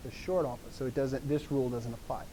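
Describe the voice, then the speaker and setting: A man with a dark, medium-pitched voice talks quickly and fairly evenly, with a faint hiss or hum in the background. He's teaching a language class, keen and chatty, interrupting himself as he poses questions and answers them on his own.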